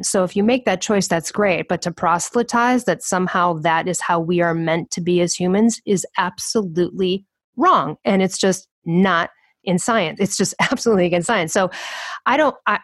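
Emphatic woman guest with a slightly low voice, close and dry sound, acts out quoted voices. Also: no echo. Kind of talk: animated interview conversation.

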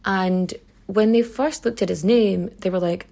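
A woman's voice: mid-range voice, measured pace, creaky, dark tone. A woman with a Donegal Irish accent hosting a podcast, telling history in a chatty, sweary, irreverent way. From Donegal, Ireland. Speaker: podcast host. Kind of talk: casual storytelling podcast.

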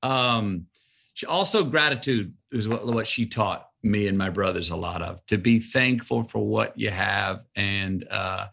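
Gravelly, husky-voiced man telling stories. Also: fairly low pitch, measured pace. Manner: animated storyteller who acts out his parents' sayings. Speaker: podcast guest, author. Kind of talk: casual interview storytelling.

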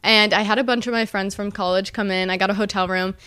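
Young woman, early twenties, bubbly chatty storyteller, smooth voice, dry close sound. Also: medium pitch, steady tone, quick pace, sharp tone, no echo. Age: early 20s. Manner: bubbly, gushing, says like a lot. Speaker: host. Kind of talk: casual vlog storytelling.

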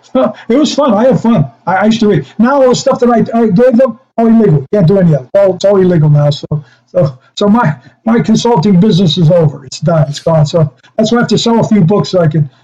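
An older man, a retired football coach, spins long anecdotes in a rambling, restarting way and chuckles as he goes. His voice sits a bit high for a man yet sounds mellow and dark, coming through a muffled, lo-fi remote line. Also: fast. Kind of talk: casual chat, storytelling.

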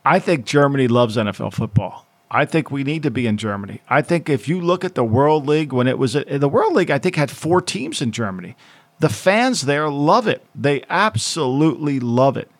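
A man's voice: mid-range voice, very animated, normal speed. A man co-hosting a sports podcast as a former football executive, talking casually in a rambling way with frequent restarts. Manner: rambling, repetitive, with many restarts.

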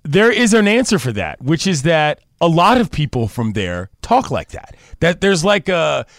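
A man co-hosting a sports radio show, chatty and quick with asides, laughing often. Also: fairly high pitch, very animated, no echo, clean studio sound. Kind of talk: casual sports radio chat.

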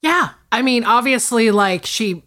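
A woman's voice: on the high side, animated, a little slow, fairly bright tone. A woman co-hosting a podcast, chatting casually and thoughtfully about films. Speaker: podcast co-host. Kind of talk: casual movie chat.

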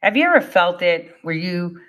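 A woman vlogging to her viewers, telling a story in a blunt, animated way, swearing freely and using lots of "like" and "you know.". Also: fairly low pitch, normal speed. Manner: conversational, many fillers like "you know" and "like".

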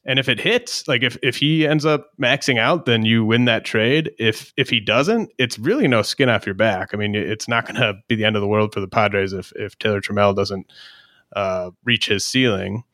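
A married man hosting a podcast, talking in a measured, casual way as he works through a topic. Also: on the low side, fairly bright tone, no room sound, studio quality. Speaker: podcast host. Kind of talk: casual chat.

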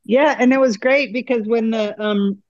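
A middle-aged woman telling an animated story in a casual group chat. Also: a little high, normal speed, dull audio. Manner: animated anecdote-teller.

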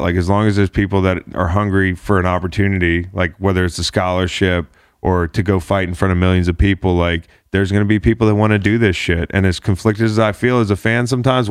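A man hosting a casual sports chat show, talking in a rambling, animated way with lots of "like" and casual swearing. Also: low-pitched, clear, resonant tone, dry recording, clean studio sound. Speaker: podcast host.

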